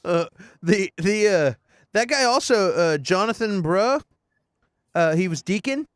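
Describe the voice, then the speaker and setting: A man co-hosting a podcast, chatting excitedly about movies with lots of fillers and laughs. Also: sits high, unhurried, no room sound, clean studio sound. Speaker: podcast co-host. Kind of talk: casual chat.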